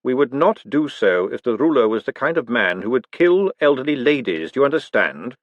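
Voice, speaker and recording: An icy, measured aristocrat who drops each word with calm menace, as a male narrator puts him on. The voice moves with a lively rise and fall. It sounds close and dry. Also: mid-range voice, no echo, dull audio, natural voice. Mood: cool menace. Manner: slow, measured, precise and icy.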